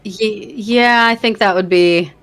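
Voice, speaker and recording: A woman's voice: medium pitch, takes it slowly, fairly bright tone, soft background music. A woman playing a tabletop game who talks in a rambling, self-deprecating way with many fillers. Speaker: player. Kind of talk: casual tabletop game chat.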